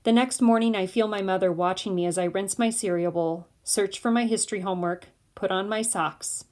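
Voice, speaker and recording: A woman reading a novel aloud in steady first-person narration. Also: mid-range voice, fairly quick. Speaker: audiobook reader.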